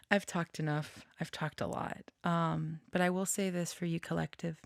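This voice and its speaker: A woman channeler talking casually and reflectively at home, often dropping to a soft whisper. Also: fairly low pitch, steady tone, normal speed, gravelly, no echo. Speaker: channeler and tarot reader. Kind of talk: casual chat with channeled messages.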